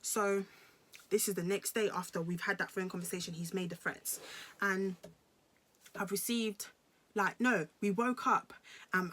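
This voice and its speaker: Bright-voiced British woman telling a story. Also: medium pitch. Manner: emphatic, slangy, repeats phrases. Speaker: vlogger. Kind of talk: story time vlog.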